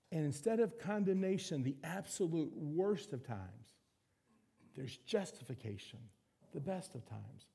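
A man preaching a sermon as pastor, animated, acting out little voices and quotes. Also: a little high, measured pace, gravelly, husky.

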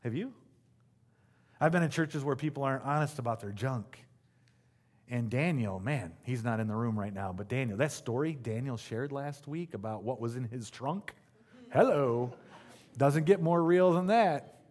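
A man's voice: medium pitch, moderate pace, darkish tone. A male pastor preaching a sermon in a conversational, emphatic way, with asides to the congregation.

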